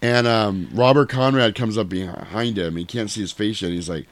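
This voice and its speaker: A man in casual podcast chat, recapping a movie plot in an animated, profane storytelling way. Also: fairly low pitch, normal speed, dry recording. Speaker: podcast co-host.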